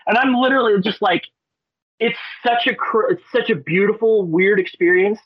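A man from Alaska, a guest on a podcast, telling a story in a rambling, excitable way, swearing and restarting his words. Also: high voice, normal speed, husky, no echo. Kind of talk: casual storytelling. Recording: dry, dull lo-fi audio.

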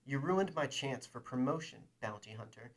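A man's voice: medium pitch, animated, moderate pace, lightly acted. A man doing a pompous, spiteful governor. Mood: resentful. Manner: haughty, taunting. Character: plump pompous imperial governor, male, spiteful.

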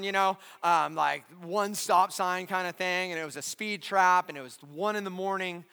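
A man's voice: high-pitched, normal speed, hardly any pauses, clear, resonant tone, long reverb tail. A male pastor preaching a sermon in a large church, telling a story animatedly and acting out voices. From California. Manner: animated storyteller, acts out voices, shouts at climaxes.

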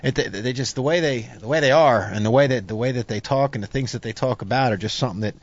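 A man's voice: medium pitch, fast, no echo, lo-fi sound. A man hosting a talk show, sharing stories in an earnest, casual way, often searching for words. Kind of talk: casual chat.

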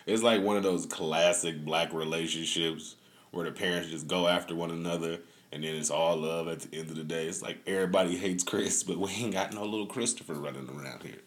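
Deep-voiced man hosting a loose podcast. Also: steady tone, fairly quick. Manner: loose, profane, laughing storyteller. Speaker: podcast host. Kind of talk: casual podcast chat.

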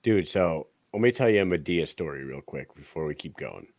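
A man's voice: a bass voice, animated, fairly quick, a little mellow, no echo. A man in his forties hosting a casual podcast, telling stories with plenty of swearing and laughter. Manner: profane, laughing storyteller. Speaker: podcast host.

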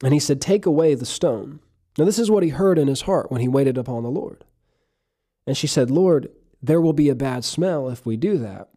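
A preacher gives an emphatic, earnest sermon, interspersing his points with scripture read aloud. His middle-pitched voice is mellow and dark, animated, at a normal speed.

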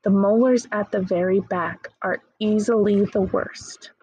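A woman's voice: medium pitch, steady tone, a little slow, warm tone, husky, dry recording, poor audio. A woman reading the lines of a sly, grinning male crocodile in a children's poem.

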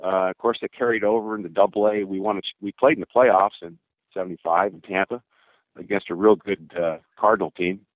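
An older man with a low voice tells rambling stories from his playing days, full of fillers and acted-out quotes. The sound is dry and tinny, like a phone line. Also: fairly even intonation, a little fast, no echo. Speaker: former baseball pitcher. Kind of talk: storytelling interview answers.

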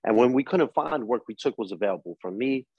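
Speaking fast and expressively with a breathy edge, this forties-aged podcast guest draws on his East New York, Brooklyn roots. He's a coach with a New York accent, emphatic and street-wise as he recounts hard-earned life lessons in a medium-pitched voice. The audio is dry, with the highs cut off.

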